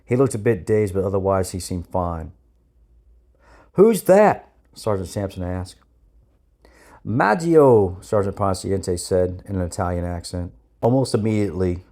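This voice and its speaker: A man reading his own memoir aloud with steady, plain storytelling. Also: sits low. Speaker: narrator of his own military training memoir. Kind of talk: read memoir narration.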